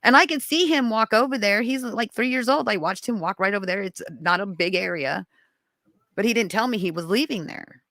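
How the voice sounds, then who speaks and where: A woman guest on a podcast, telling a story in casual conversation, animated and rising to high exclamations. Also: brisk, dry recording.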